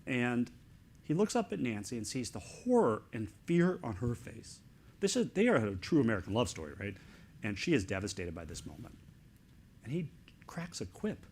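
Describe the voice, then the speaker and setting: Excitable middle-aged man telling a story. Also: medium pitch, slightly rough. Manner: excitable, animated, talks in quick fragments. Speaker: author and guest speaker. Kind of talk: storytelling in a live interview.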